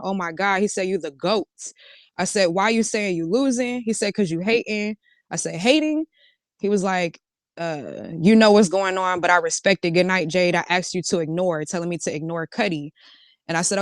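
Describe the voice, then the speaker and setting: A woman's voice: medium pitch, clean tone, no room sound, clean studio sound. A woman telling a casual storytime, reading out a chat exchange line by line and switching between "he said" and "I said". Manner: recounts a back-and-forth, switching between "he said" and "I said". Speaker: storytime vlogger.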